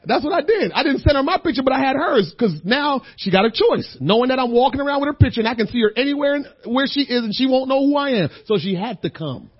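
A middle-aged male pastor with a high, husky voice tells a personal testimony in a sermon. He talks in a loose, chatty way, doubling back on his words and chuckling. The recording sounds dull and lo-fi. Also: lively intonation, quick pace, few pauses. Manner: conversational storytelling, repeats words, chuckles. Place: church.

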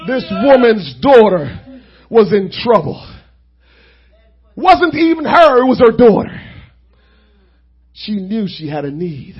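A man preaching a sermon in an impassioned style, punctuating each phrase with a rhythmic "uh" and rising into shouted, crying peaks. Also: high-pitched, very animated, slow, long pauses, breathy edge, dull audio.

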